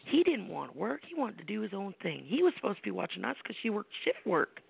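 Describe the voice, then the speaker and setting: Gravelly-voiced woman on a tinny phone line. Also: medium pitch, very animated, fast talker. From United States. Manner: blunt, salty and emphatic, with rhetorical questions. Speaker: psychic medium host. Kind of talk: casual personal storytelling on a call-in show.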